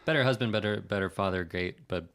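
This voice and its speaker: A man's voice: sits low, fast talker, a bit bright. A man co-hosting a casual movie podcast, teasing and dry, swearing freely. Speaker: podcast co-host.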